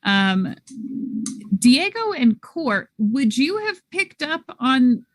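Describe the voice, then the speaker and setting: A woman narrating a tabletop role-playing game as storyteller, setting scenes slowly and deliberately. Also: high voice, sing-song.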